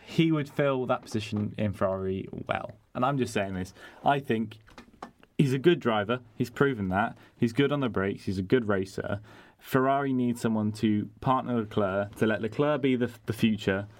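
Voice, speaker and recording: A man's voice: on the low side, moderate pace. A man hosting a casual sports podcast, arguing his points at length with restarts. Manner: opinionated, rambling with restarts. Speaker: podcast host. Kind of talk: casual chat.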